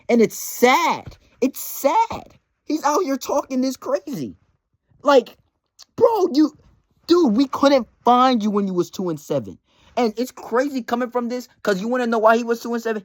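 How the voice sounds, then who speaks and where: A man's voice: very high voice, lively intonation, normal speed, no room sound. A young man managing a fantasy league team, delivering a heated, mocking rant full of repetition. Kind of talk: casual trash-talk rant.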